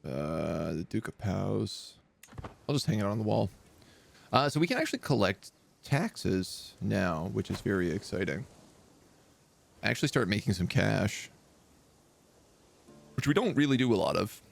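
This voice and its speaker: A man's voice: fairly low pitch, creaky. A man streaming a strategy game, thinking aloud in casual, chatty live commentary.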